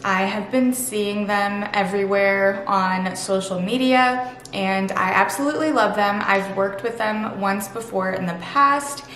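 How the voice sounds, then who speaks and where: A woman's voice: medium pitch, a little slow, a bit bright, a little hiss or hum. Gushing chatty woman vlogger, echoey room. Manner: gushing, chatty, lots of "super" and "literally". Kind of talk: casual sponsored vlog talk.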